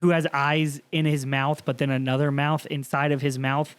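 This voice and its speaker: A man's voice: fairly high pitch, little pitch movement, moderate pace, smooth, no room sound. Joking podcast guy, dry sound. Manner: joking, vivid describing. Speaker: podcast co-host. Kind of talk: casual chat.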